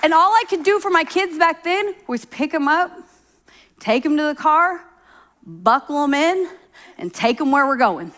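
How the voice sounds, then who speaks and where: Woman, from Oklahoma, high-pitched, preaching, conversational storytelling. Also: lively intonation, normal speed, a bit bright, some chatter behind. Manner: conversational storytelling, acts out quoted voices. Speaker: pastor. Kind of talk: sermon.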